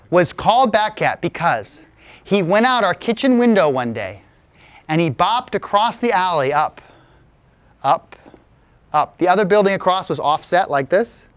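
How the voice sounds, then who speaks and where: A man with a high-pitched voice tells a live audience a playful tall tale from his childhood, captured in a dry recording.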